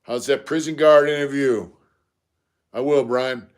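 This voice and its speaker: A man's voice: medium pitch, fairly even intonation, a little slow, smooth. A middle-aged man, chatting casually on a live stream and greeting viewers by name between stories.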